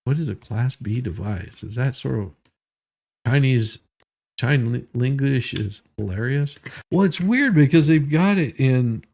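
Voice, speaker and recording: A man with a mid-range, darkish voice hosts a morning news commentary stream. He reads headlines, jokes, wanders off on tangents, and keeps interrupting himself.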